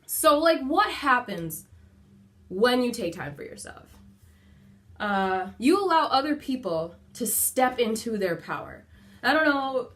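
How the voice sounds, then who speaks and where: A woman's voice: a little high, very animated, a little slow, fairly bright tone. A woman who is a mother talks casually and candidly to camera at home, giving motivational parenting advice with frequent fillers and the odd swear word. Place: at home indoors.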